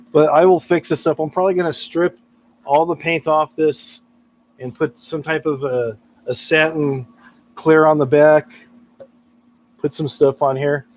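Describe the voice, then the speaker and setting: A man's voice: fairly high pitch, steady tone, unhurried, long pauses, a little hiss or hum, poor audio. A man chatting casually on a live stream about guitar repair, laughing often and reading out chat messages.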